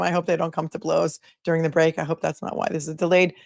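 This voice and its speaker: A woman's voice: on the low side, fairly even intonation, fast talker, vocal fry, hardly any pauses, a little mellow, no echo, studio quality. A woman attorney hosting a live commentary stream, chatting casually and sarcastically while reading viewer comments aloud.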